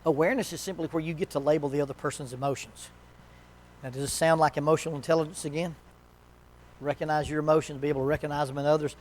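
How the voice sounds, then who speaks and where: A man presenting a marriage workshop in a church, teaching in a conversational, folksy way with joking asides and quick acted quotes. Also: on the high side, darkish tone, a little hiss or hum.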